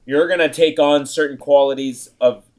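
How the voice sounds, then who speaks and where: A man's voice: a little high, fairly even intonation, normal speed, darkish tone. A young man talks on a podcast in a blunt, casual way. He brushes points aside and swears freely. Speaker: podcast co-host.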